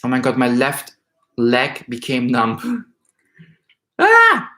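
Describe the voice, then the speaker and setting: A man gives a tarot reading, reading out card meanings and reacting with rising emotion and excitement. His voice sits at a middling pitch for a man. The room is roomy, so his voice echoes noticeably. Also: slow. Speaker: tarot reader. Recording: roomy echo.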